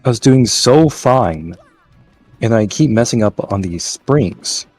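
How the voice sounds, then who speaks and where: A man's voice: mid-range voice, expressive, slow pace, darkish tone, husky, faint music behind. A man playing along and chatting casually, groaning in frustration. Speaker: co-player. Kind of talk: casual gameplay chat.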